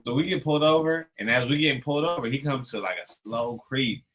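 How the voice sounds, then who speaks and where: A man's voice: mid-range voice, quick pace, low-quality recording. A young man on a podcast, casually telling a profane story and acting out the dialogue. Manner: animated, profane, acts out dialogue.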